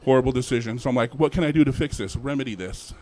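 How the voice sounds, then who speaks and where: A young man performing a stand-up set at an open mic, animated, acting out characters in sudden put-on voices. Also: mid-range voice, fast. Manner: animated, acts out characters with jumps in voice. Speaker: stand-up comedian.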